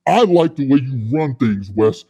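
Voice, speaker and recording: Eager investor guy, voiced by a man, stumbling, mellow tone. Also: medium pitch, animated, unhurried, husky. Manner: stumbling, repeating words. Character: eager male clothing-brand investor.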